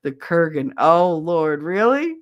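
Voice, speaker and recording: A woman's voice: on the low side, big pitch swings, takes it slowly, no room sound, highs cut off. A woman hosting a podcast, chatting casually with listeners, blunt and swearing freely. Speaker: podcast host reading listener chat. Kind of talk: casual chat.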